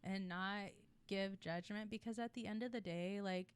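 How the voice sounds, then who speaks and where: A woman's voice: medium pitch, steady tone, normal speed, clean tone. A woman co-hosting a podcast, musing in casual chat with lots of filler words. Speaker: podcast co-host.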